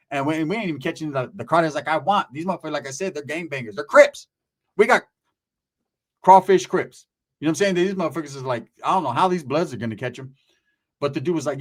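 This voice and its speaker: A man telling a story in casual chat, animated and profane, full of street slang and shouted sound effects. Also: fairly high pitch, fast.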